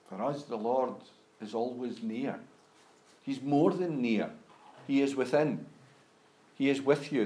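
A man preaching a sermon, speaking deliberately and rising to emphatic peaks as he reads scripture aloud. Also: medium pitch, a little mellow. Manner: slow, deliberate, emphatic rises when reading scripture. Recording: roomy echo.

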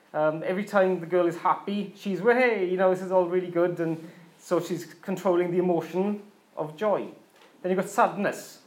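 A pastor giving an informal, chatty sermon to his congregation, often laughing and mimicking voices as he talks. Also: high voice. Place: church congregation.

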